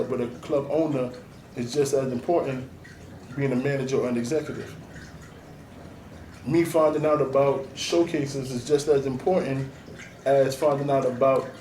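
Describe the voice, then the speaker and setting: A guest, an artist and DJ manager, speaks in a warm, medium-pitched voice during a casual interview, coming across blunt, streetwise, profane, and emphatic. The recording is roomy and noisy, with the mic at a distance.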